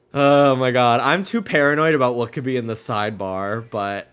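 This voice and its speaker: A man's voice: fairly high pitch, gravelly, a bit bright. A man streaming a video game, chatting casually with viewers, laughing often and swearing casually. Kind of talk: casual livestream chat.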